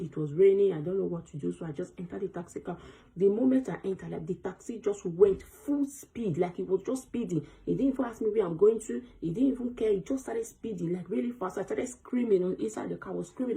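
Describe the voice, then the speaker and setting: A woman telling a personal story to camera in a storytime vlog, fast and breathless, acting out the voices of the people she quotes. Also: lowish voice, creaky, dark tone, poor audio. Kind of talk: storytime vlog, recounting an experience.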